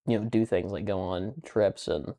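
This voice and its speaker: A young man co-hosting a podcast, telling a rambling story in casual chat, swearing a lot and getting animated as he retells it. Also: low voice, normal speed. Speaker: podcast co-host.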